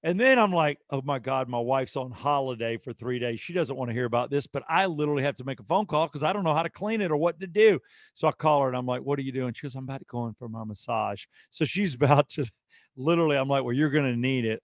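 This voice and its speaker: A middle-aged man with a gravelly, fry-edged voice tells a story on a podcast and slips into animated impressions of everyone in it. The recording is dry and slightly dull, close and without room sound. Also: mid-range voice, fast talker, no room sound. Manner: animated storyteller, acting out quotes. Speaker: podcast co-host. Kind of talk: casual storytelling chat.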